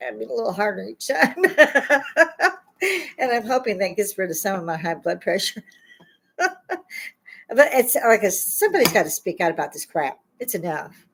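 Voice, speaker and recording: A woman's voice: mid-range voice, sing-song, normal speed, gravelly, pauses often, fairly bright tone, slight background noise, low-quality recording. An older woman, a self-described grandma on YouTube, ranting bluntly and scolding her listeners with mounting indignation. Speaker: YouTube commentator. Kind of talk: angry political rant.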